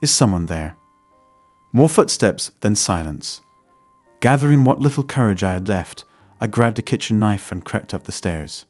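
A man narrating a scripted first-person story in a steady, even read. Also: on the low side, no echo.

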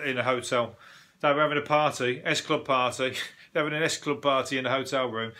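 A man hosting a solo comedy podcast, riffing on news stories in a deadpan, sweary manner with quick laughs. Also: medium pitch. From United Kingdom.

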